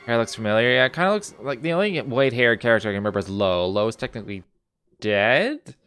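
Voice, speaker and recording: A man's voice: mid-range voice, lively intonation, fast talker, a bit bright, smooth. A male streamer casually thinking aloud while playing a game. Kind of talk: gameplay commentary. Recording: game music behind.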